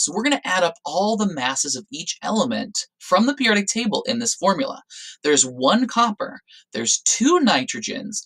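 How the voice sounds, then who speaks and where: A man explaining a science lesson to students. His pitch rises and falls a great deal, and he leans on the important words as he walks through each step. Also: husky, poor audio. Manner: lively, explanatory, stresses key words. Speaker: science teacher. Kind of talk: recorded classroom lecture.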